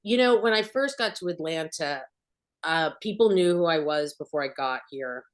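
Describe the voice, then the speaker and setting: A middle-aged woman acting coach answering panel questions, an animated storyteller who acts out bits of dialogue. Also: sits low, moderate pace.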